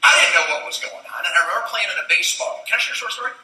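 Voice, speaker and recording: A man giving an energetic convention keynote, telling stories and calling on the audience to answer. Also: sits high, very fast. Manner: energetic, storytelling, calls for audience responses. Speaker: motivational speaker. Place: large convention hall. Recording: echoey hall, distant mic, faint noise.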